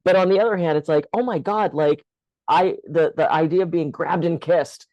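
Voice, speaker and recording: A woman's voice: low voice, steady tone, moderate pace, dark tone, no room sound, lo-fi sound. Older woman, co-host, candid storyteller, dry close sound. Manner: candid, storytelling, laughs often. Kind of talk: casual conversation.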